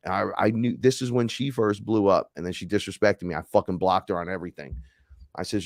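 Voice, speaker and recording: A man's voice: lowish voice, a little fast, no echo, clean studio sound. A man hosting a casual livestream, talking in a heated, rambling, profane way. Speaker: podcast host.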